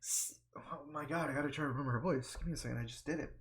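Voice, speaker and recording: A man's voice: medium pitch, very fast. A man streaming a video game with casual, rambling commentary, thinking aloud and joking about himself between coughs. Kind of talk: casual let's-play commentary.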